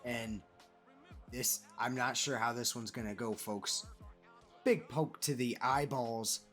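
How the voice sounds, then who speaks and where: A man's voice: medium pitch, slow pace, faint music behind. Man calling a wrestling video game. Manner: casual, animated play-by-play, calls players "brother". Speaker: gaming commentator. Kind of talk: play-by-play commentary over a wrestling video game.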